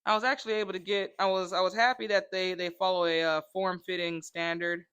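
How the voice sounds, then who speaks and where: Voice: mid-range voice, little pitch movement, brisk, fairly bright tone, clear, resonant tone, dull audio. A comedic vlogger in a rambling monologue who jumps between tangents and acts out the voices of people in the stories.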